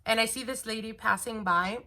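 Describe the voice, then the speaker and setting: Bright-voiced woman telling a story casually. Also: on the high side, a little fast. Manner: rambling, lots of fillers and restarts, laughs while telling. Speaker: tarot reader and channel host.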